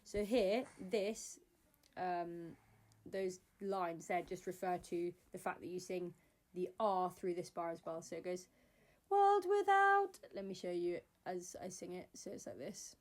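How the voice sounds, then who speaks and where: A woman's voice: lowish voice, little pitch movement, measured pace, a little mellow. A woman teaching a singing lesson step by step, explaining patiently with many fillers.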